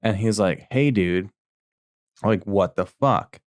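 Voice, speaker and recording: A man's voice: fairly low pitch, slow pace, no room sound, clean studio sound. A man co-hosting a podcast, telling a crude story with lots of fillers and acting out quotes in a raised voice. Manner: rambling, crude, full of fillers. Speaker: podcast co-host. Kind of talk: casual podcast chat, storytelling.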